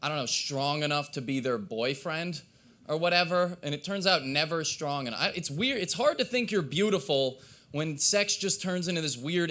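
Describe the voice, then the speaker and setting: A man doing a stand-up set at an open mic, with a hoarse, cracking voice and a rambling, self-deprecating delivery. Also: on the high side, sharp tone. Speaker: stand-up comedian. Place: live open mic in a coffee shop.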